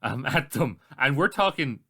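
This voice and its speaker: A man's voice: medium pitch, animated, moderate pace, creaky, a bit bright, breathy edge. A man with an Irish accent co-hosting a podcast, talking bluntly and animatedly in casual chat, with plenty of swearing. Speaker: podcast co-host.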